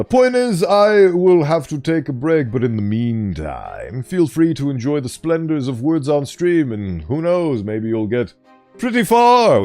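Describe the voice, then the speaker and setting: A male streamer commentates casually on a game, telling a theatrical story as he plays. His pitch swings lively up and down. Faint music plays underneath.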